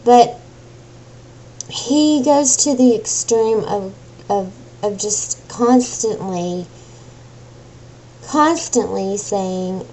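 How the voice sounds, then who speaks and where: Agitated woman ranting, slow speech. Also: mid-range voice, lively intonation, dark tone, slight background noise, low-quality recording. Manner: agitated, swearing, exasperated venting. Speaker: vlogger. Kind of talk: emotional personal rant to camera.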